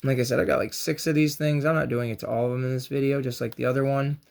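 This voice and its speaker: A man talking viewers through a hobby craft step by step, chatty and encouraging with joking asides. His voice is gravelly with a fry at the ends of lines, sitting at a middling pitch. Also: fairly even intonation, fast talker, darkish tone. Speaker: host of a toy and craft channel. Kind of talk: casual crafts tutorial.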